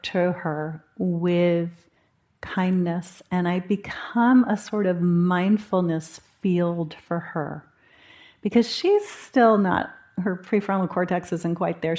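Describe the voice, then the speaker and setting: A woman leads a dharma talk at a meditation retreat, her voice sitting somewhat low. She speaks conversationally, thinking aloud with gentle humor as she teaches.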